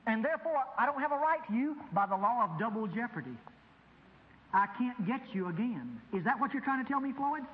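A man's voice: very high voice, very animated, a little fast, in a large hall, phone-quality sound. A man voicing the law as a taunting, self-righteous figure in a sermon. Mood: sly. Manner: mocking, indignant.

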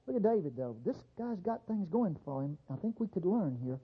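Lively husky-voiced preacher man. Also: high voice, normal speed, few pauses, lo-fi sound. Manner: animated preaching with mock voices. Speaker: pastor. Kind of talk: sermon.

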